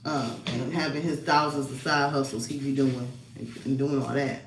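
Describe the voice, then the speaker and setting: A woman's voice: rumbling low, steady tone, moderate pace, roomy sound, a little hiss or hum, rough recording. A woman vlogger telling a personal story in a casual, rambling, emotional way. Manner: rambling, emotional, fillers and laughs.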